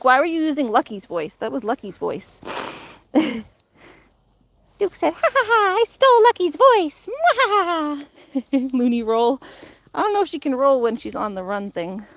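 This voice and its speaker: A woman vlogging outdoors near woods, playfully giving commands to dogs. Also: a little high. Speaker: vlogger, dogsitter. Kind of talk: casual vlog talk to dogs.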